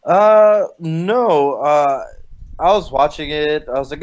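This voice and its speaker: A man's voice: on the high side, normal speed, clean tone. A man on a casual review panel, laid-back and sarcastic, swearing often. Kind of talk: casual wrestling review chat.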